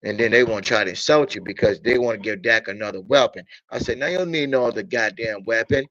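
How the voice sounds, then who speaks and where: A sports talk streamer rants about football in a casual stream, blunt and profane, repeating himself in exasperation. He speaks fast in a lowish, fairly bright voice, and the dry recording has dull lo-fi audio.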